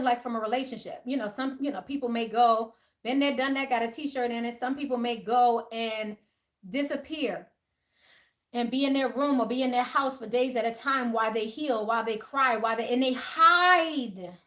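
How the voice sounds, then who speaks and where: A woman hosting a spiritual livestream, talking casually and bluntly, animated and profane. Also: high-pitched, brisk.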